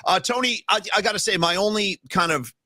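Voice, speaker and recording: Excitable jokey man, slightly high voice. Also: brisk, no echo, studio quality. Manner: excitable, jokey, puts on drawling impressions. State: winded. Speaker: podcast co-host. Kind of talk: casual sports chat.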